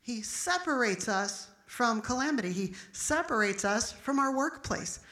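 A woman's voice: a little high, expressive, unhurried, sharp tone, roomy sound. A middle-aged woman pastor preaching an emphatic, storytelling sermon.

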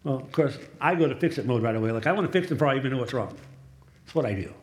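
A man's voice: mid-range voice, lively intonation, racing. Man preaching a sermon in an echoey church. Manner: conversational storytelling, asks the room for amens. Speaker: pastor and chaplain.

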